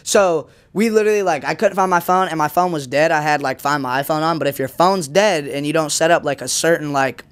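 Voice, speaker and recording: The young man's voice is a little high and a little fast, with clean tone and few pauses. As a podcast guest, he dramatically retells a rambling story in slang, loaded with fillers and performed quotes.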